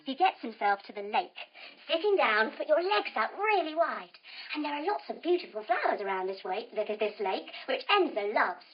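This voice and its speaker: A young woman telling a children's yoga story as she guides the poses, animated, encouraging and playful. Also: a little high, moderate pace, highs cut off. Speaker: kids yoga instructor and storyteller.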